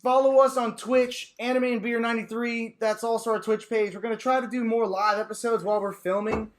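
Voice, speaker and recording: An extremely high-pitched, brisk voice belongs to a young man co-hosting a laid-back podcast. He's an energetic, animated storyteller who acts out quotes as he talks.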